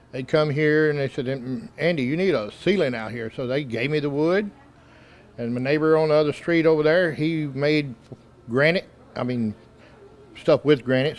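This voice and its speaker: A modest, plain-spoken man from Tennessee who owns a restaurant. His voice sits slightly high, and he gives short, unpolished answers in a casual interview. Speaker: restaurant owner, guest.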